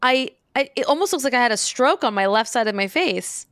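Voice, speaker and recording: A woman's voice: fairly high pitch, lively intonation, fairly quick, fairly bright tone, smooth, no room sound, studio quality. A woman hosting a podcast, chatting casually with her sister, laughing often and trailing off mid-sentence. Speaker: podcast host. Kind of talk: casual chat.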